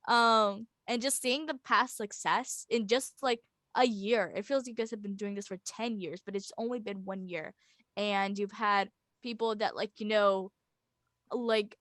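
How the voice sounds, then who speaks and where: A woman's voice: medium pitch, fairly even intonation, measured pace, a bit bright, no echo, studio quality. A woman guest-hosting a podcast, talking with enthusiasm and admiration in casual chat. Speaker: guest host.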